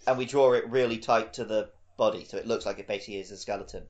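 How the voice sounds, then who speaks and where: A man's voice: on the low side, fairly even intonation, fast talker, a little mellow, highs cut off. A man co-hosting a casual podcast, chatty and eagerly explaining. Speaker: podcast co-host. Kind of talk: casual chat.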